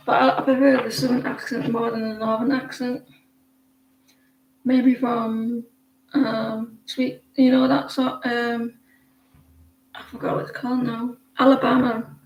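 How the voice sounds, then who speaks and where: A woman's voice: a little high, little pitch movement, slow pace, long pauses, lo-fi sound. Chatty woman tarot reader, echoey room. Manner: rambling and chatty, with frequent restarts. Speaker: tarot reader hosting a live stream. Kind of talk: casual live-stream chat with viewers.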